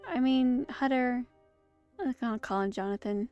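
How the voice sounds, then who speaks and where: High-voiced chatty woman streamer. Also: moderate pace, darkish tone, smooth, dry recording, soft background music. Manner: chatty, rambling asides, self-interrupting. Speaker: streamer hosting a movie watch-along. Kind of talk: casual live commentary. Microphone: streaming setup.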